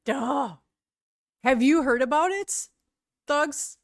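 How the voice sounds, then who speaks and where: A woman's voice: high voice, lively intonation, takes it slowly, no echo, clean studio sound. A middle-aged woman streaming live, chatting casually with viewers in a rambling way and often searching for words.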